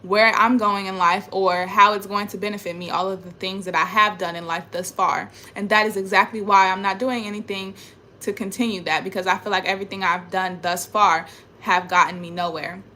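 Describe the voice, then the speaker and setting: Speaking a little fast in a sharp, medium-pitched voice with fairly even intonation, a young adult woman delivers a spiritual vlog monologue indoors at home. Filming on her phone, she rants about spiritual matters with emphasis, frustration and a lot of repetition.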